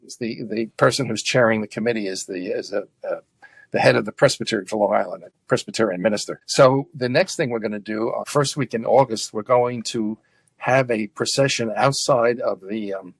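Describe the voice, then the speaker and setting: Gravelly, husky-voiced New man. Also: fairly low pitch, dry recording. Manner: earnest, halting with fillers and restarts. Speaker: guest activist. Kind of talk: conversational interview.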